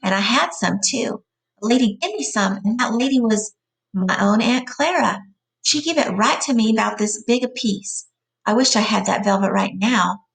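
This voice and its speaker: A woman reading aloud as a big, simple-minded, childlike farmhand man, in a slow pleading drawl. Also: a little high, lively intonation, gravelly. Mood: happy.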